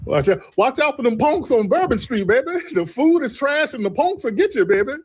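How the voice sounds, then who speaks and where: A man voicing a sassy New Orleans local woman who warns tourists and calls everyone baby in a high voice. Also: sing-song, a little fast, breathy edge, heavily acted. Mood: sassy warning.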